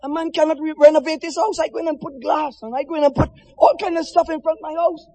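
A preacher putting on an indignant man, protesting loudly. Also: very high voice, fairly even intonation, quick pace, long reverb tail. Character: indignant man defending smashing his house.

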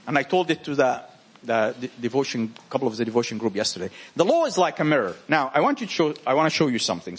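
Husky, animated preacher with a French accent. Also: male voice, fairly high pitch. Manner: animated, repetitive and emphatic. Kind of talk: informal sermon to a small group.

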